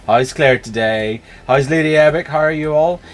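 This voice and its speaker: Hosting his live stream at a moderate pace, the Northern Irish streamer speaks on the high side. He keeps things casual and greets viewers by name.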